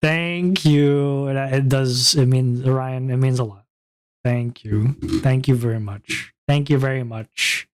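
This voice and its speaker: Guy streamer just chatting, slow draggy delivery, goofy fake-angry rambling, lots of stammering. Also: medium pitch, fairly even intonation, background noise. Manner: playful mock-outrage, rambling and stammering; loud, rowdy bursts of laughter. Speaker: VTuber streamer. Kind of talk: casual chat stream.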